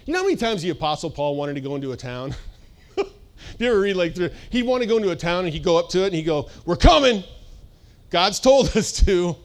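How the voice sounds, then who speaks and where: A man preaching a sermon at a church service, casual and animated, acting out voices and laughing often. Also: a little high, racing. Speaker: pastor.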